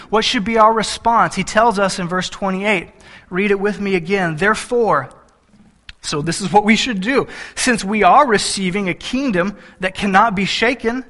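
Bright-voiced man preaching a sermon. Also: sits high. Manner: rhetorical questions to the congregation, reads verses aloud. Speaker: pastor. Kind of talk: expository sermon.

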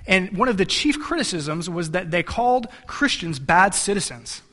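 Male pastor, slightly high voice, self-mocking storyteller, sermon in a reverberant hall. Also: expressive, normal speed, pushed and bright.

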